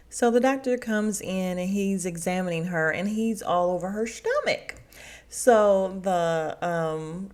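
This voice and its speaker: A woman's voice: fairly low pitch, a little mellow. A young adult woman hosting her own podcast, chatting casually and laughing as she acts out quotes in big voices. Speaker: podcast host recapping a reality show. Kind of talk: casual chat.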